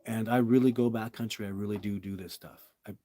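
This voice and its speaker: A man's voice: fairly low pitch, steady tone, a little fast, dark tone, no room sound. A middle-aged man hosting a live question-and-answer stream, talking in an emphatic, rambling, storytelling way. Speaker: Bigfoot researcher answering viewer questions. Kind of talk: live stream Q&A, casual monologue.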